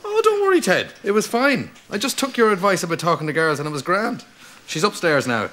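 A naive young Irish priest. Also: male voice, high-pitched, very animated, brisk, pushed and bright, full character voice. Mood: cheerful. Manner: naive, blurting, simple-minded. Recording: noisy TV sitcom audio.

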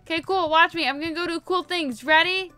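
A woman's voice: extremely high pitch, fairly quick, pushed and bright, soft background music. A woman giving casual, playful let's-play commentary, chatting to her viewers and repeating herself often. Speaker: gaming video host.

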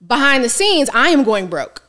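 Brief: woman guest, higher voice, animated storyteller, slangy casual podcast chat. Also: moderate pace, crowd noise. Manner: lively, colloquial, animated retelling with quoted asides. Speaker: financial coach, guest. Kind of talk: candid casual interview storytelling.

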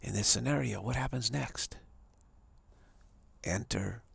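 A man's voice: lowish voice, normal speed, gravelly, fairly bright tone, husky. A man on a live stream, telling a long hypothetical story in a rambling way with many restarts. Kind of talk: storytelling monologue. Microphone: home setup for a live stream.

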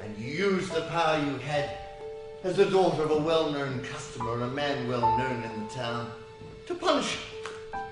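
A grave, probing police inspector, acted by a man, speaking sternly and deliberately. The sound is distant and echoes around a theatre. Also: a little high, lively intonation, loud music behind the voice, natural voice. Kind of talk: stage drama acting. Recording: roomy theatre from far off.

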